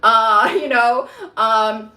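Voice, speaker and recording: A woman psychic rambles through a casual vlog, stacking fillers and breaking into laughs. Her voice sits a little high, and the room around her rings with echo. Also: fairly even intonation, drawn-out words, bright, forceful tone. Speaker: psychic reader. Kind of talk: casual spiritual vlog talk. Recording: roomy echo.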